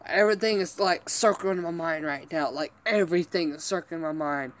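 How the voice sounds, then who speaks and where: A man's voice: a little high, brisk. A man venting to his viewers in a vlog, upset and rambling, swearing constantly and apologizing for going off. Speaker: vlogger.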